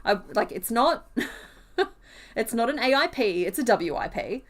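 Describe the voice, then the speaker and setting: A woman's voice: fairly high pitch, very animated, a little slow. A woman live-streaming as she crochets, chatting casually and rambling with frequent giggles and fillers.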